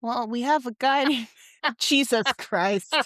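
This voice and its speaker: A woman's voice: on the high side, slow pace, a bit bright, no echo, clean studio sound. A woman co-hosting a podcast, chatting casually and teasing as she recaps a game. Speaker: podcast co-host. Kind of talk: casual chat.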